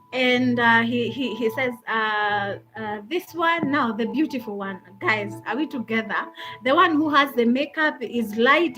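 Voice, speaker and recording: A Kenyan woman hosting a live talk, telling a personal story in an animated way and often breaking into laughter. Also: a little high, low-quality recording. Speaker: host.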